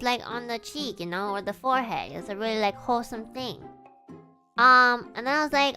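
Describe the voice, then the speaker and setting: Young woman streamer, bright and a touch high, chatty and giggly storytelling. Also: normal speed, faint music behind. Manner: giggly, animated, full of "like" and "you know". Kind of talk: casual storytelling on a live stream.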